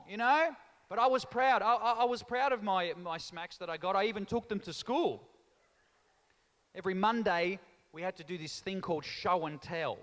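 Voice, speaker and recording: A man from Australia, raised by Italian parents, telling animated stand-up stories. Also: high-pitched. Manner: animated storytelling with mimicry. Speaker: stand-up comedian. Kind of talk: stand-up comedy routine. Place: large town hall before a live audience. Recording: echoing town hall reverb.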